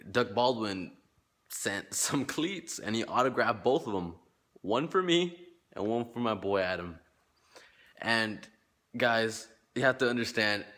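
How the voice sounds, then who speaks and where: A fan vlogger with a mid-range, slightly bright voice tells his viewers a personal story. He rambles and repeats himself, packing the telling with casual slang and quoted back-and-forth exchanges.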